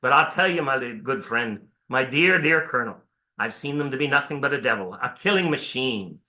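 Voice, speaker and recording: A war-worn Irish army sergeant, a man acting him out, speaking with an Irish accent in earnest, repetitive pleas. The voice rings bright and keen. He is a hardened soldier turned philosophical. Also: mid-range voice, animated, fairly quick. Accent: Irish, put on.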